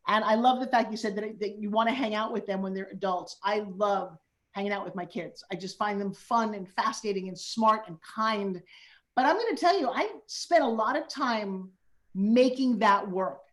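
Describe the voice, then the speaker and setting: A woman in her fifties hosting a casual chat, telling animated parenting stories and acting out quotes. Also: medium pitch, normal speed. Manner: animated storyteller who acts out quotes. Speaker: host.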